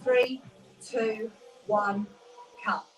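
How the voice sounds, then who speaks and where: A woman's voice: medium pitch, fairly even intonation, drawn-out words, roomy sound, far from the mic, soft background music, rough recording. A woman fitness instructor leading a live workout class, giving upbeat, encouraging cues and counting down the reps.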